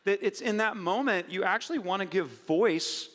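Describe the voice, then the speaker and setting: Middle-aged pastor guy, kinda high voice, joking around mid sermon, big church echo. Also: normal speed. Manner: animated, jokey storytelling with acted asides. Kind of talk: conversational sermon. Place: church sanctuary. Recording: church hall reverb.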